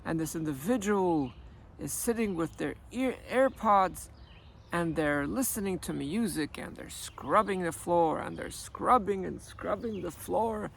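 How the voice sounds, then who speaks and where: A man working as a life coach who tells a story in an animated way and acts out the dialogue. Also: high voice, a little slow, vocal fry, slight background noise. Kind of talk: storytelling monologue.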